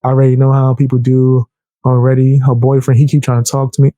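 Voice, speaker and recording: A young man telling a heated personal story in casual, animated speech, raising his voice to act out the people he quotes. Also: mid-range voice, fast talker, no echo. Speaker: storyteller vlogger.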